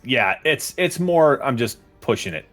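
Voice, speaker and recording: A man playing a tabletop game, bantering quickly in character. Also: mid-range voice, expressive, fairly bright tone, soft background music. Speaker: player.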